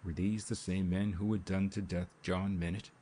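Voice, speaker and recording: A man narrating a mystery novel in a measured, steady audiobook reading. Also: sits low, slight background noise. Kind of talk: scripted narration. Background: rain sounds.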